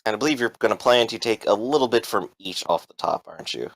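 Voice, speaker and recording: A man describes a tabletop game scene as its game master. He speaks in a relaxed, hesitant way, and his pitch moves a lot. The sound is dry and close. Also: fast, vocal fry, dry recording, low-quality recording.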